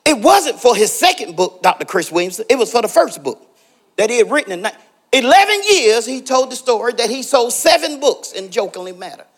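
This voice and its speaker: A middle-aged man preaching a sermon, telling personal stories, calling out congregation members by name and building to shouted exhortations. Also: very high-pitched, very animated, brisk.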